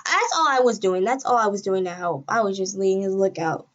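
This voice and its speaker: A woman telling a story from her school days in a casual, rambling way, with sudden excited jumps in pitch and loudness. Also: fairly quick, lo-fi sound.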